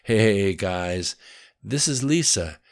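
A man reading the part of a huge, friendly gentle giant of a man in an audiobook. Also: on the low side, expressive, slow pace. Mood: hearty. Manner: friendly, hearty.

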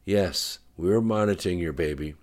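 A man with a very deep voice voicing a calm, practical male nurse. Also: normal speed, lightly acted. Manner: reassuring, practical.

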